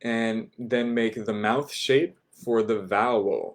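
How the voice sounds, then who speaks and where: A man teaching a language class, repeating each word slowly and patiently, often checking in with "right?" and "okay?". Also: on the low side, fairly even intonation. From United States. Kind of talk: slow, patient vocabulary lesson.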